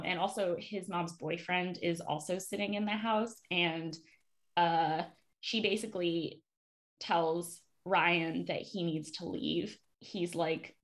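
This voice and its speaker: A woman casually recapping a TV episode for a podcast, chatty and full of fillers. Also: lowish voice.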